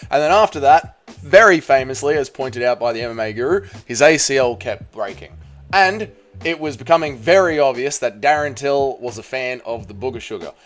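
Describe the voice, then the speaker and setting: Man, MMA channel host, joking rant, animated pitch, slightly high voice, faint music behind. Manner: joking, irreverent, trailing off and restarting. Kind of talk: casual ranking rant.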